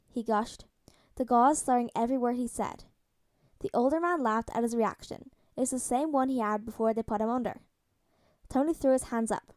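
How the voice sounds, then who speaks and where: A woman narrating a fan audiobook in a calm, even storytelling manner. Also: fairly high pitch, fairly quick, dry recording.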